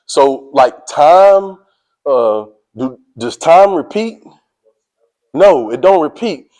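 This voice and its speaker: A man giving a motivational speech to a sports team, energetic and preachy, speaking in casual slang and calling out to his listeners. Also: on the high side, slow, rough recording. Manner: casual slang, drawls "y'all".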